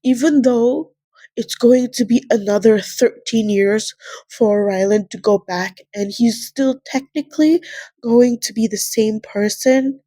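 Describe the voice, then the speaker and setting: Slow-talking tearful woman book vlogger. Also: mid-range voice, dark tone, no room sound. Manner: rambling, emotional, tearful at times. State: crying. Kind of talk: casual reading vlog.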